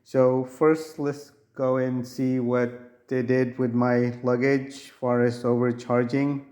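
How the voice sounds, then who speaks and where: A man talks through a complaint in a casual vlog, his voice still nasal from being sick. He speaks slowly and evenly, with little rise and fall, and often backs up to restart a thought. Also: mid-range voice, level tone, a little mellow. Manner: halting, with restarts and fillers. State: nasal from recovering illness. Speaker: vlogger.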